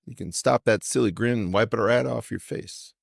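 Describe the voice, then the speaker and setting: A man's voice: on the low side, normal speed, gravelly, no echo, clean studio sound. A man putting on the voice of a stern man who lectures a younger listener in a condescending way. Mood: scolding.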